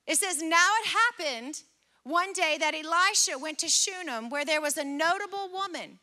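Woman preacher, very high and bright voice, earnest and conversational. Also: lively intonation, normal speed. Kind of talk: sermon.

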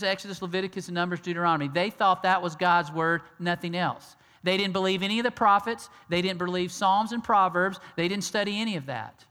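A man preaching a conversational sermon who acts out the dialogue and swings between loud and hushed delivery. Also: high-pitched. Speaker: pastor. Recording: long hall reverb.

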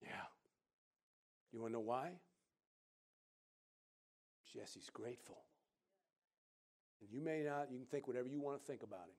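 A middle-aged man, preaching and telling a lively personal story, acting out other people's voices. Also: mid-range voice, a little slow, pauses often. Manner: animated storyteller who acts out quoted voices loudly. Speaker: pastor. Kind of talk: sermon storytelling.

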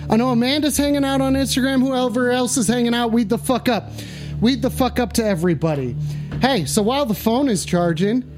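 A man hosting a rowdy, profane livestream, swinging between manic yelps and low mumbling asides. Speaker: livestream host.

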